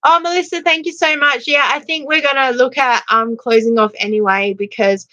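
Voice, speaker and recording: An Australian woman hosting a casual live chat, chatty and quick to laugh, reading out viewer comments. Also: sits high, fairly even intonation, pushed and bright, dull audio. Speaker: livestream host.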